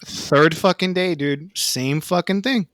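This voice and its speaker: A man's voice: high-pitched, slow, a bit bright, no echo, soft background music. Laid-back young man, dry close sound. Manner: laid-back, swears a lot, says dude. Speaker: podcast co-host. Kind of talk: casual chat.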